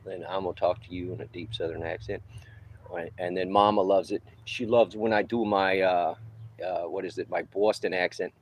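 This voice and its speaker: A man in his fifties with a low voice talks on an outdoor livestream from a roof during a work break. He rambles in an easygoing way and drops chuckling asides as he answers his viewers. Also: lo-fi sound, slight background noise. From New Orleans. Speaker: livestreamer and roofer. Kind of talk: casual livestream chat.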